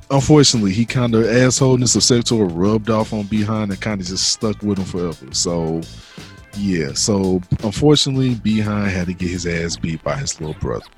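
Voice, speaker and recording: A man with a fairly low voice talks through a game's plot for his podcast co-hosts. He keeps it loose and profane and jokes as he goes. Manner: loose and profane, acting out characters' lines. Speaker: podcast co-host retelling a game's story mode. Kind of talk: casual chat, storytelling recap.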